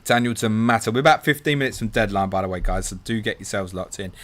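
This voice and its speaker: A chatty man hosts a live question-and-answer stream, reading viewer messages aloud and replying in a loose, friendly way. His voice sits a little low, and he keeps calling people "mate". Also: fast, a bit bright. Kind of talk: casual live Q&A.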